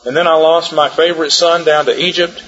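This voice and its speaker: A man's voice: fairly high pitch, fairly even intonation, a little fast, a bit bright. A man voicing a weary aged patriarch who looks back on a hard life in plain first-person words. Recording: dull sound, long hall reverb.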